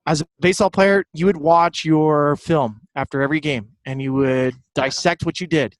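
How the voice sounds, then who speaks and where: A man speaking as a guest in a casual interview, an animated storyteller who repeats words. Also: fairly high pitch, normal speed, no echo. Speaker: guest, baseball broadcaster.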